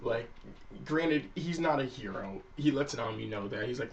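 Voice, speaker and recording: A man's voice: medium pitch, expressive, normal speed, distant mic, muffled recording, slight background noise. A man reviewing an anime episode in a loose, casual recap, swearing freely and acting out the characters' lines.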